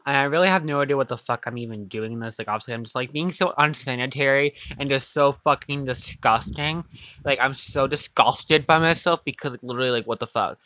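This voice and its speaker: A man's voice: medium pitch, fairly quick, bright, forceful tone. A young man chatting casually in his home kitchen while baking for his vlog, rambling and self-mocking, with lots of fillers and swearing. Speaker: vlogger.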